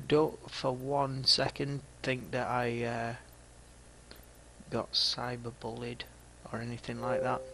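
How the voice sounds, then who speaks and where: A man's voice: medium pitch, creaky, bright, forceful tone, slight background noise, low-quality recording. A man in his thirties with a Yorkshire accent, a gaming vlogger talking to his viewers in a dry, mocking, chatty way. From Yorkshire, England. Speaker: gaming YouTuber. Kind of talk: casual video commentary.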